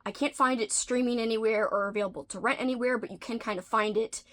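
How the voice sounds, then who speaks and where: A woman's voice: on the high side, fast talker, fairly bright tone. A woman hosting a casual vlog, chatting in a playful, talkative way and slipping into whispered asides now and then. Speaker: video host.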